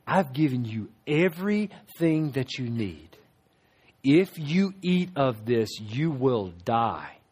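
A man preaching a sermon as pastor, emphatic, moving between loud stresses and hushed asides. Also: mid-range voice, husky.

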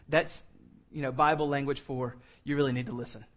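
A man's voice: medium pitch, normal speed. A man preaching a conversational sermon to a room, teaching verse by verse and adding joking asides. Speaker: pastor. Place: church room.

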